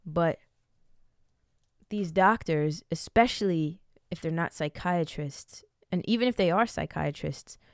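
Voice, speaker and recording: An American vlogger in her late twenties tells a personal story in a frank, rambling way, swearing freely as she goes. Her voice sits on the low side and moves at a measured pace. The studio-quality recording has no room sound.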